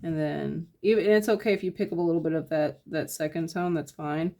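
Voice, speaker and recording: Speaking briskly in a deep voice, this female painting instructor gives a laid-back, step-by-step tutorial. She muses through her process out loud, her talk full of fillers.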